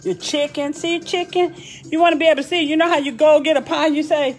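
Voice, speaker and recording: A woman talks viewers through a home recipe in a chatty, exclamatory way. Her voice sits a little high, and clear music plays underneath her. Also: fairly even intonation, quick pace, roomy sound. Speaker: home cook hosting a cooking stream. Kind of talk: casual live cooking demonstration.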